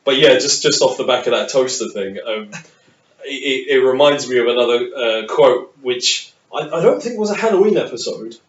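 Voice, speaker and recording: A man's voice: medium pitch, lively intonation, moderate pace. A man co-hosting a podcast in casual chat, rambling with many restarts and laughing often. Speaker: podcast co-host. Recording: distant, roomy, dull sound.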